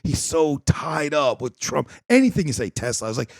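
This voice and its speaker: A man hosting a podcast, telling a story in a profane, animated way and acting out both sides of the quoted conversations. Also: fairly high pitch, a little fast, no room sound. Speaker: podcast host. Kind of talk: casual chat.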